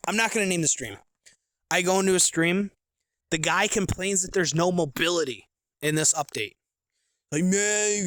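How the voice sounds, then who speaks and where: A man's voice: fairly high pitch, fairly bright tone, no echo. A man in his late twenties hosting a gaming podcast in a loose, rambling chat full of slang and fillers, sitting in a camping chair outdoors. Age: late 20s. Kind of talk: casual rambling monologue.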